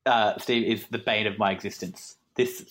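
A man's voice: on the low side, steady tone, moderate pace, a bit bright. A young Australian man, a podcast guest telling a rambling, self-deprecating story with frequent laughs and asides. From Queensland, Australia. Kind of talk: casual conversational storytelling.

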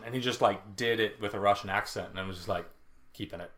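A man's voice: on the low side, quick pace, fairly bright tone. A man co-hosting a podcast, chatting casually with many fillers and restarts. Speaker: podcast co-host and writer. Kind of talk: casual chat.

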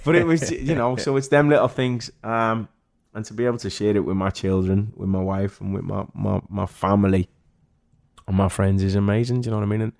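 A man's voice: fairly low pitch, fairly even intonation, a little fast, creaky, darkish tone. A man with a Liverpool accent, an actor talking as a guest in a casual interview, telling chatty stories. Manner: chatty storyteller, acts out others' voices.

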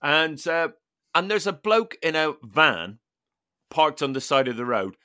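A young man spins an anecdote on a casual podcast. His voice is sharply bright and lively, sitting fairly high and leaping around as he acts out the people in it. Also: measured pace, no room sound, clean studio sound. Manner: animated, laughing storyteller, acting out quotes. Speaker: podcast host. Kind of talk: casual storytelling chat.

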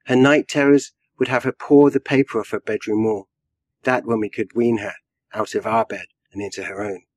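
A man, a writer, reading his own flash fiction aloud in a measured storytelling way with a dry wit. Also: fairly low pitch, fairly even intonation, a little mellow, no echo. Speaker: writer and guest.

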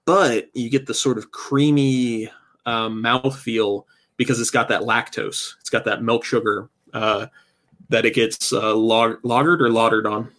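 A man's voice: medium pitch, measured pace. A man co-hosting a late-night podcast stream, chatting casually and laughing while he tastes beer and food. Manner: relaxed, laughing, rambling about beer. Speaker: podcast co-host. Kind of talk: casual chat.

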